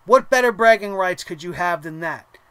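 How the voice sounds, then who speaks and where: A young man with a high, smooth voice hosts a wrestling recap show. He talks in a casual, animated way, swearing freely and laughing at his own asides. The sound is dry and close. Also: normal speed, dry recording.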